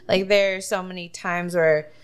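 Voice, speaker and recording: A woman's voice: fairly low pitch, fairly even intonation, moderate pace, smooth. A woman guest on a podcast, chatting casually and acting out little quotes as she tells stories. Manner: storytelling, acts out quotes. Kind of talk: casual chat.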